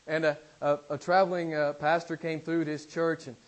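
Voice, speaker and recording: Male pastor, fairly high voice, booming then hushed, repeats phrases for emphasis, sermon from a church pulpit. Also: flat delivery, a little fast, rough recording. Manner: dramatic swings from loud emphasis to near-whispers.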